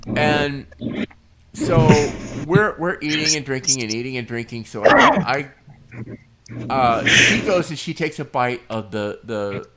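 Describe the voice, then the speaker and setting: A man co-hosting a podcast, telling a funny story in a casual, profane, animated way and often breaking into laughter. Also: mid-range voice, unhurried, a loud crowd, poor audio. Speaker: podcast co-host.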